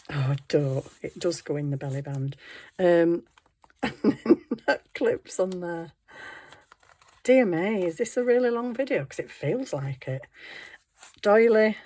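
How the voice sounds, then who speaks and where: A woman's voice: on the low side, darkish tone. A middle-aged woman, chatting casually and giggling as she shows her craft work. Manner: chatty, giggly, self-deprecating. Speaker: craft vlogger. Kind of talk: casual show-and-tell narration.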